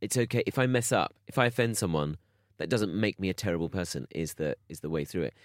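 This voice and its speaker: A man's voice: low voice, fast, no echo, clean studio sound. A man co-hosting a podcast, playful and self-mocking, leaning on words for comic emphasis. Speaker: podcast co-host. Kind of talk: casual chat.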